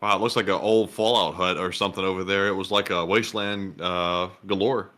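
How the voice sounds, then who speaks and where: A man co-hosting casual commentary, throwing in quick wisecracks. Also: low voice, steady tone, a bit bright. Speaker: co-host.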